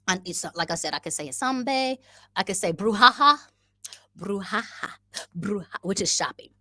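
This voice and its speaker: A woman's voice: fairly low pitch, pushed and bright, no echo, studio quality. A woman vlogging in a casual, playful way, talking to her viewers and trying out new words. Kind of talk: casual vlog chat. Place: living abroad in East Africa.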